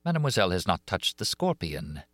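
A man voicing a cold, deliberate masked phantom who taunts calmly. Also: low voice, dry recording. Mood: coldly menacing.

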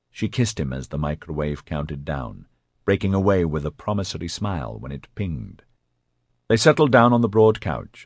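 Deep, expressive male audiobook narrator. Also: no echo, clean studio sound. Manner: expressive, dramatic storytelling. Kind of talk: scripted narration.

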